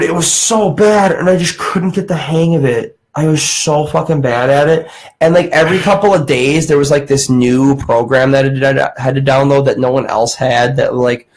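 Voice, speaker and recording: A man's voice: medium pitch, low-quality recording. A young man hosting a casual podcast, telling a story and acting out the voices of the people in it, swearing freely. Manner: animated, acts out quoted voices, swears casually. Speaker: podcast host.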